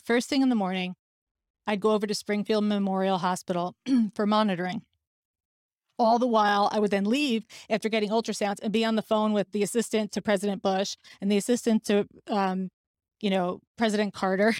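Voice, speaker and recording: A middle-aged woman hosting a podcast, telling a personal story in a lively way and acting out the dialogue she quotes. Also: medium pitch, no room sound, studio quality. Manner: animated, acts out quoted dialogue. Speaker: podcast host.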